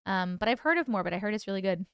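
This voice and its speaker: A woman's voice: medium pitch, animated, rapid-fire, a bit bright, smooth, no room sound, studio quality. A woman hosting a casual livestream, chatting with viewers, reading their comments aloud and laughing often. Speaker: livestream host and author.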